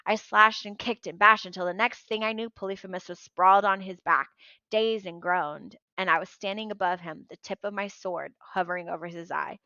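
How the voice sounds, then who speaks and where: A woman reading a novel aloud with a bright, clear tone and lively storytelling. The recording is dry and close, with a slightly dull, muffled top end. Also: medium pitch, normal speed, no echo. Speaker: audiobook reader.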